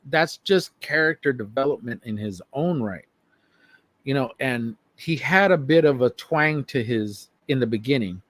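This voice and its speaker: A man's voice: mid-range voice, no echo. A man co-hosting a wrestling podcast in casual chat, emphatic and profane, often repeating himself. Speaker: podcast co-host.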